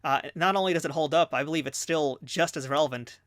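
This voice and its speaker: A man's voice: on the high side, quick pace, a bit bright, no room sound, studio quality. A man hosting a podcast interview, asking eager, fan-like questions.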